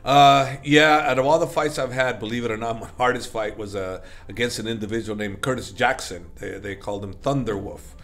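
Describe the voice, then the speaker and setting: A man's voice: mid-range voice, fairly even intonation, a little fast, few pauses, fairly bright tone. A middle-aged man, an interview guest, telling stories in a rambling, casual way with many fillers and self-corrections. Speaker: interview guest, MMA coach.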